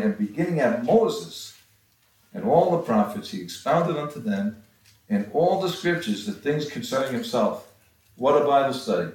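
A man giving a halting Bible-teaching sermon, with frequent restarts and pauses. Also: mid-range voice, very animated, darkish tone. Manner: halting, many restarts and fillers. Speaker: preacher. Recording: far from the mic in a very echoey room.

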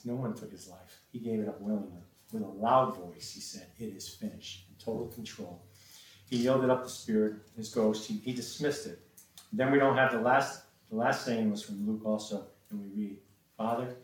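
A man's voice: lowish voice, moderate pace. A man preaching a sermon and reading scripture, often hesitating with repeated words and ums. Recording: echoey room from a distant mic.

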